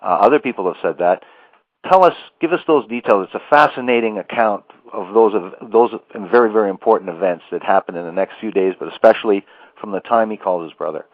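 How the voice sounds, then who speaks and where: Low-voiced male radio host prompting a guest. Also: brisk, no room sound, narrow, tinny audio. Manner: prompting the guest with repeated emphatic phrases. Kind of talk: radio interview.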